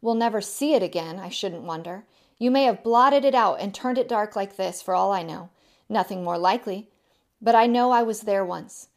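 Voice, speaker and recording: A woman's voice: medium pitch, moderate pace, a little mellow, lightly acted. A woman voicing a gloomy, stubborn male marsh creature who talks short of breath. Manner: stout, breathless, plain-spoken.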